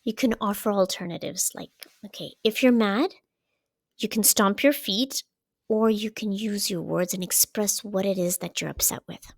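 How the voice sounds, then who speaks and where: A woman giving parenting advice as a coach, in a calm coaching delivery that keeps checking in with "okay?". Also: mid-range voice, moderate pace, vocal fry, no echo, studio quality. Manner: checks in often with "okay?" and "right?". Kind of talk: explaining parenting advice to camera.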